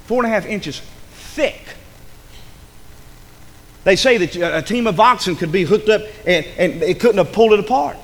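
A man preaching a sermon, dramatic, dropping to a hush and rising to a shout. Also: high-pitched, animated, normal speed, pauses often, long reverb tail.

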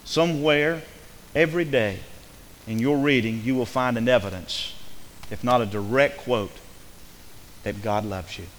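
Guy preaching in a church, gets loud and fired up then drops real quiet, long echo, bit of hiss. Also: medium pitch, unhurried, pauses often. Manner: rising to fervent emphatic preaching, then dropping soft. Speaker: pastor. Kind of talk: sermon. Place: church sanctuary. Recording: reverberant hall with faint hiss.

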